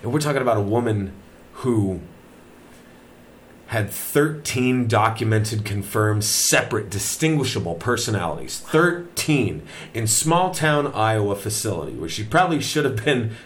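A man's voice: fairly low pitch, very animated, moderate pace, a little hiss or hum. A man hosting a podcast in casual chat, laid-back and swearing freely, recorded in an old manor house. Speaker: podcast host.

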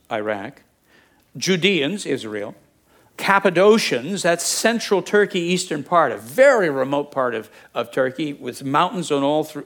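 Man preaching with lively asides. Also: a little high. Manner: conversational preaching with jokes and asides. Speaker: pastor. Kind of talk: sermon.

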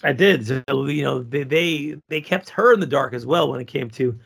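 Gravelly, husky male podcast co-host, crude and rambling. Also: medium pitch, lively intonation, moderate pace, fairly bright tone. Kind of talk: casual podcast chat.

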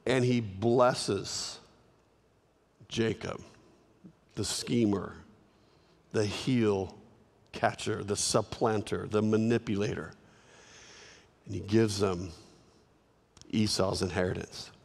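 A male pastor preaching with animated, repeating emphasis as he retells a story. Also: fairly low pitch, takes it slowly, vocal fry, pauses often. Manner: animated, repeats words for emphasis, acts out characters. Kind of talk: sermon storytelling. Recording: reverberant hall.

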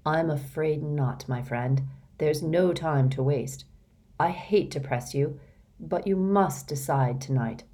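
A woman reading the part of a kindly, wise older man who speaks gently and formally. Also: low-pitched, takes it slowly. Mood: gentle.

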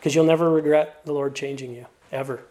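Male pastor, middle-aged, high pitch; sermon with warm stories and strong calls to finish well. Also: fairly even intonation, brisk. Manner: storytelling with playful asides; earnest, encouraging exhortation.

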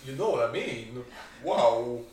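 A man's voice: medium pitch, expressive, slow. A man joking around as a player in a tabletop game, with exclamations and wisecracks. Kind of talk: casual game chat. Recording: distant, echoey room, noise.

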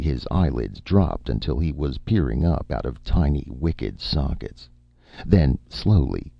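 A man reads a story aloud with steady, measured narration. His voice is very deep, gravelly and husky, and it moves lively through its range. The dry recording sounds dull and muffled. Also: no room sound. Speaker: audiobook narrator. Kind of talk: scripted narration.

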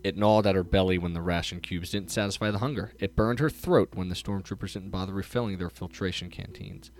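Low-voiced man reviewing a book. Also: fairly even intonation, brisk. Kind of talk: casual book review with read-aloud passages.

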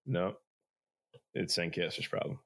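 A hoarse young man co-hosting a podcast, chatting casually with rambling asides and jokes. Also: low voice, expressive, a little slow, dry recording, studio quality. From Philadelphia area. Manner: rambling, filler-heavy, joking. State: hoarse after illness. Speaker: podcast co-host. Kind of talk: casual chat.

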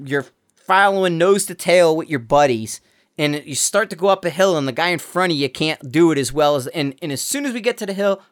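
A man hosting his own podcast, talking bluntly in a heated, profane rant full of restarts, recorded while walking around a neighborhood. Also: on the high side. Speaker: podcast host. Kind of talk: casual ranting monologue.

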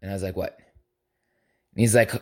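Podcast guy with a lowish voice, swearing a lot, rambling through a story, quoting himself. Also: steady tone, unhurried, dark tone. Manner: profane, rambling, quotes his own thoughts aloud. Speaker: podcast host. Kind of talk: casual storytelling monologue.

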